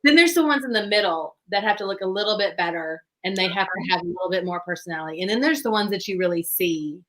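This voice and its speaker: A woman's voice: medium pitch, fast. A woman, hosting a casual chat and telling stories with lots of laughter. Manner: animated storyteller who laughs often. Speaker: host.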